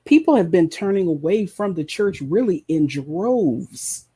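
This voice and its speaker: Man, sermon, husky, mellow tone, higher pitch. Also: animated, a little slow. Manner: impassioned, emphatic, repeats phrases. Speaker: preacher and show host.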